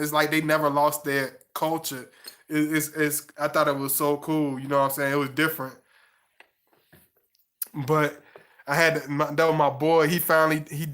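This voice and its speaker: A man hosting a livestream, chatting casually and warmly with viewers. His voice sits a little high and sounds bright and forceful. His talk loops and repeats, full of slang and fillers. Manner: loose, repetitive, affectionate slang, many fillers. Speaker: livestream host.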